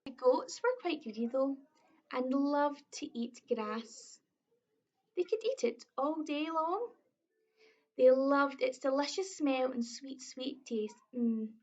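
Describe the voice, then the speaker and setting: A woman with a Scottish accent reading a children's story aloud, expressive, slow and clear. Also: high-pitched. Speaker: early years storyteller. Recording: dull lo-fi recording.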